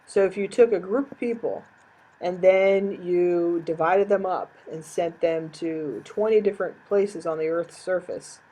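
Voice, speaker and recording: Brief: female instructor, slightly low husky voice, patient explanatory lecture delivery. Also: measured pace, mellow, low-quality recording. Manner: explanatory, repeats key definitions. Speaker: teacher. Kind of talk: recorded lecture.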